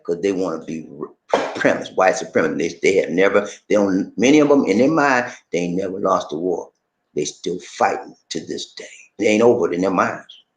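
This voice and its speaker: A man's voice: low voice, roomy sound, poor audio. A middle-aged man from the American South, giving emphatic, preachy personal commentary.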